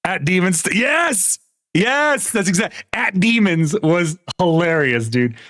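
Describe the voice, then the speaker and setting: A man streams live and tells old gaming war stories in loose, profane chat, often laughing between lines. His voice sits a little high for a man and swings widely in pitch. The close mic gives a dry sound. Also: slow pace, no room sound. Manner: animated storytelling, swearing, frequent laughter.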